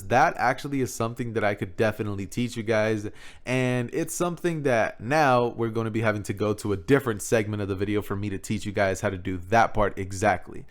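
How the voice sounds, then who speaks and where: A man talking in a laid-back, rambling way, with fillers and self-mocking asides, as he explains his video-making process in a casual tutorial. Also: fairly low pitch. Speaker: YouTuber. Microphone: XLR studio microphone.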